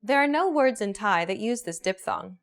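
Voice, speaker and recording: A woman narrating a scripted pronunciation lesson with clear, measured explanations. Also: medium pitch, animated. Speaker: pronunciation teacher.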